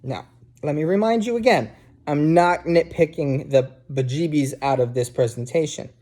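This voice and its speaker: Sitting on a couch in his living room, a New Jersey man with a matching accent gives students a laid-back recorded lecture. His warm voice sits on the high side at normal speed, and he often says "um" and checks in with "okay?"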